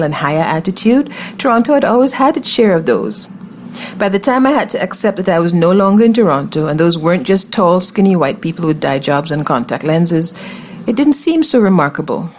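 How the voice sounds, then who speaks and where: A woman's voice: lowish voice, darkish tone, a little hiss or hum. A woman narrating a first-person story in a wry, conversational way. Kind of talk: first-person fiction reading.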